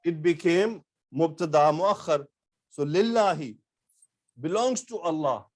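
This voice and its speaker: Man, grammar teacher, patient step-by-step explaining, repeats terms, slightly higher voice. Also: expressive. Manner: halting with fillers and restarts. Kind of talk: online-style grammar lecture.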